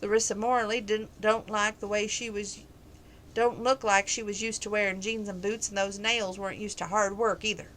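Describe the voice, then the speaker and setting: Plain-spoken young woman friend, teasing, bright tone, read by a woman narrator. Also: medium pitch, fairly even intonation, moderate pace, a little hiss or hum, lightly acted, low-quality recording. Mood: frank.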